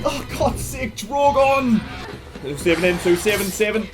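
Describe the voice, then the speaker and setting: Man reacting live, swearing, big swings in pitch, slow drawn-out cries, faint music behind. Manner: swears a lot, cries out in excitement. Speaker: video reactor.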